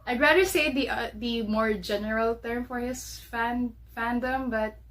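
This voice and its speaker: A woman's voice: on the high side, fairly even intonation, a little slow, a bit bright. Bubbly Filipino woman hosting a podcast. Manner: chatty and bubbly, laughs often. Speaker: podcast host. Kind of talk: casual solo podcast chat. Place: her bedroom at home.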